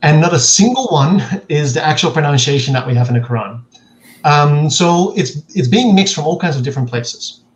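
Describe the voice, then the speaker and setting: A man speaking as a linguist guest in an interview, explaining in a measured way and acting out quoted examples. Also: on the high side, expressive, muffled recording.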